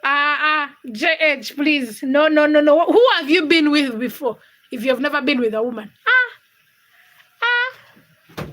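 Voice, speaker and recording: A woman's voice: high-pitched, normal speed, a bit bright, rough recording. A woman hosting a casual livestream from her home kitchen, reading viewer comments and teasing her chat while she cooks. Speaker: livestream host.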